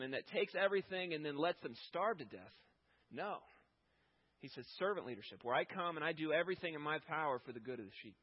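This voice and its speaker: A man with a husky, slightly high voice preaches in an easy, conversational way, swelling into more forceful emphasis at key points. The recording sounds dull and lo-fi. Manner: conversational preaching, rising with emphasis when voicing God. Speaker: pastor. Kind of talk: sermon.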